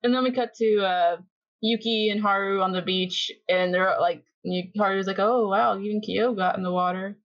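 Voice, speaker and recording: A woman's voice: mid-range voice, steady tone, moderate pace, no echo. A young woman co-hosts a podcast in a chatty, giggly way, acting out the characters as she recaps. Her voice sits in a middle range. The recording is dull and dry. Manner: chatty, laughs often, acts out characters' lines. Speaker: podcast co-host. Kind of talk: casual chat recapping an anime.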